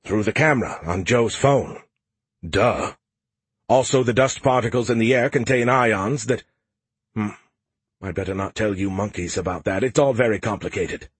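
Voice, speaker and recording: A man's voice: on the low side, normal speed, breathy edge, no room sound. A man voicing a cocky, boastful male alien AI in an audiobook, teasing everyone he talks to. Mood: smug. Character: smug male alien AI in a beer can. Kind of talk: audiobook character voice.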